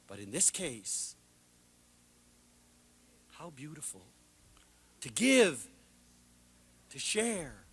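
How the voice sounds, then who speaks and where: A man giving a passionate public talk, telling lively stories and swinging from loud outbursts to hushed asides. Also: medium pitch, slightly rough. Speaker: lecturer.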